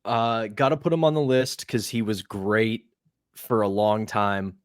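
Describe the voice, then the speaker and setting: A young man with a low voice tells a lively anecdote as a podcast co-host. He talks in a loose, animated way and acts out the people in his story. The sound is dry and close. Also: measured pace, smooth, no room sound. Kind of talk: casual storytelling chat.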